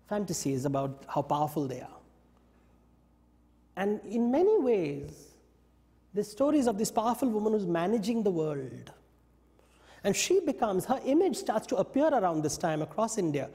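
A man giving a lecture, telling stories in an animated way and briefly acting out what the characters say. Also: sits high, big-room sound. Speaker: invited speaker. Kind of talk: lecture on mythology. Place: yoga studio talk.

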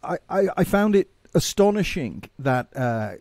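A man co-hosting a political podcast who talks in an animated way, stammering as he starts sentences and asking rhetorical questions. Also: on the high side, unhurried, dry recording. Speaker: podcast co-host. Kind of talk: casual political chat.

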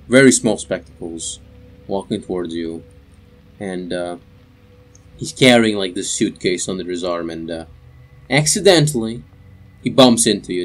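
A young man narrating as game master for a tabletop game, in a loose, rambling way with many fillers. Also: low-pitched.

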